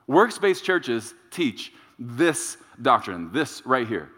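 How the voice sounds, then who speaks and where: A male pastor delivering a sermon, emphatic and repetitive, with dramatic pauses. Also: mid-range voice, big pitch swings, pushed and bright. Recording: reverberant church sanctuary.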